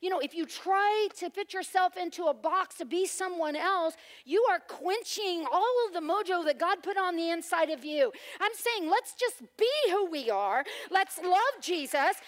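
A woman preaching a sermon, loud and emphatic with playful humor. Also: extremely high pitch, lively intonation, normal speed, hardly any pauses.

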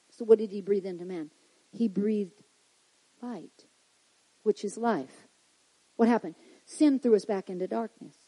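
A woman preaching a sermon, reading scripture and building to loud emphatic declarations before dropping to quiet asides. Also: mid-range voice, breathy edge, poor audio.

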